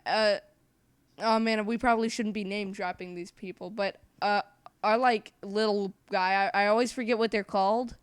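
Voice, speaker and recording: A young woman co-hosting a casual podcast chat, rambling with lots of fillers and quick giggles. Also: mid-range voice, steady tone, clear, resonant tone, no echo. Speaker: podcast co-host.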